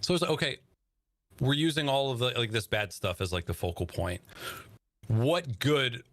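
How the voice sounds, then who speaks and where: A man's voice: medium pitch, expressive, moderate pace, a bit bright, dry recording. A man co-hosting a casual podcast, talking bluntly and swearing freely as he makes his points. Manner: blunt, swears freely, talks in earnest stretches. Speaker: podcast co-host.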